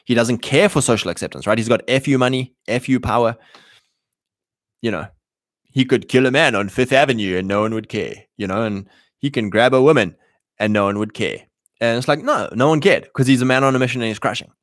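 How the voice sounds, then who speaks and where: A man's voice: medium pitch, fairly quick, dry recording, clean studio sound. Punchy man acting out voices. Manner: animated, acts out quoted voices, punchy. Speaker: host. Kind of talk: casual monologue to listeners.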